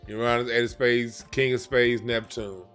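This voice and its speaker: A man at a mid pitch gives a card reading in loose, casual talk. He leans hard on points, repeats himself and drops slang, while faint music sits underneath. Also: flat delivery, moderate pace, fairly bright tone, clean tone. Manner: emphatic, repetitive, slangy, restarts phrases. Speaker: card reader. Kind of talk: casual explainer monologue.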